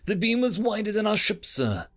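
A man voicing an anxious male starship sensor technician who gives hurried, urgent reports, in a spoken audiobook. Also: sits high, sing-song, a bit bright, voice pushed up.

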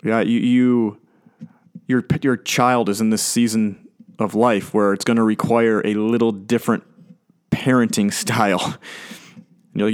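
A man's voice: on the low side, level tone, a little slow, pauses often, clean tone. A man preaching a sermon in a conversational way, acting out quoted lines and chuckling often. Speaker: pastor.

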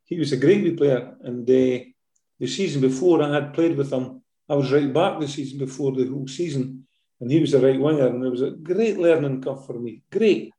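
A man's voice: mid-range voice, fairly quick, mellow, echoey room. An older man with a Scottish accent, a former footballer telling stories in a casual interview, full of fillers and tag questions.

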